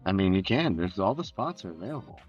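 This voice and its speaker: Laid-back low-voiced man, drawling chat. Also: big pitch swings, quick pace, dull audio, soft background music. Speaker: podcast co-host. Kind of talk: casual chat.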